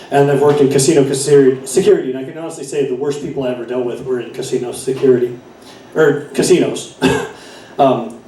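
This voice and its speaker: A man's voice: medium pitch, dark tone, a little hiss or hum. A middle-aged man performing a stand-up set in a bar, rambling with many fillers and self-corrections. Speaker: stand-up comedian. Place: bar stage. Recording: echoey room from far off.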